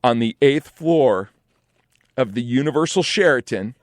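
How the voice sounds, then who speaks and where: A man in his forties telling a comic personal story in an animated, profane, rambling style, often saying "like" and "right?". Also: medium pitch, unhurried, dry recording.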